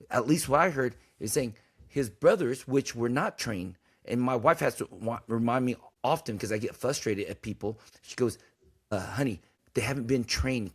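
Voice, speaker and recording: A man's voice: medium pitch, moderate pace, breathy edge. A man hosting a podcast in casual talk, blunt and emphatic, preaching his points and swearing freely. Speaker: podcast host.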